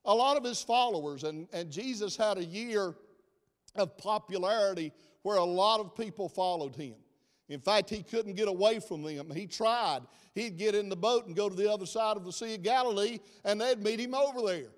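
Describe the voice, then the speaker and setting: A man's voice: sits high, moderate pace. A middle-aged man preaching a sermon in a church, folksy and chatty, joking with his congregation. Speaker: pastor. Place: church sanctuary. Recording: long reverb of a church hall.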